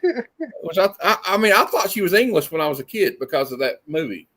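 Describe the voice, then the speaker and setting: A man hosting a casual movie chat, animated and quick to laugh. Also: high voice. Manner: animated, quick to laugh, slips into silly impressions. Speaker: host of a movie discussion show. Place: home setup on a video stream.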